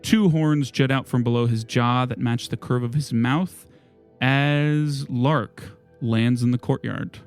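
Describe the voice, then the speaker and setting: A man's voice: medium pitch, fairly even intonation, takes it slowly, clear, resonant tone, faint music behind. A man running a tabletop game as game master, describing scenes in a loose, filler-heavy way.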